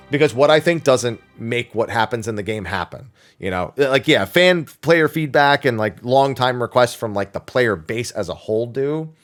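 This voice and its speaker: A man streaming a weekly Q&A, talking casually and rambling with lots of fillers, restarts and casual swearing. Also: medium pitch. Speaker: streamer answering viewer questions. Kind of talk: casual chat.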